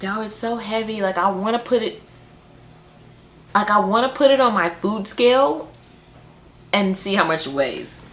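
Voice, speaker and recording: A woman's voice: medium pitch, expressive, normal speed, long pauses, a bit bright, a little hiss or hum. A woman hosting a book vlog, chatting casually to camera with playful, exasperated humor and frequent laughter. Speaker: book vlogger host.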